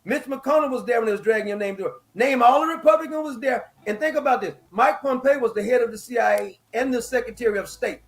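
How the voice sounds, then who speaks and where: High-voiced man with blunt mocking talk. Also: fast, hardly any pauses. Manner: mocking, laughing often, blunt and profane. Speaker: political commentator. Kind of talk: casual political chat on a live stream. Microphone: live stream microphone.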